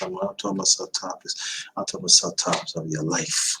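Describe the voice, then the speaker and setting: A man in his fifties speaks in a lowish voice with a bright, forceful edge. He hosts a livestream and gives motivational advice, repeating and stressing his points like a preacher. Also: fairly even intonation, quick pace, slight background noise, poor audio. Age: 50s. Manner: emphatic and repetitive, preaching-like. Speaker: livestream host.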